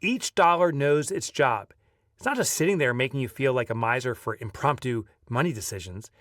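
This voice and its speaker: A man reading his own audiobook aloud, lively as a storyteller and breaking off now and then for casual asides. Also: medium pitch, moderate pace, no room sound, studio quality, far from the mic. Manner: lively storyteller who breaks off to chat offhand. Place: video recording setup.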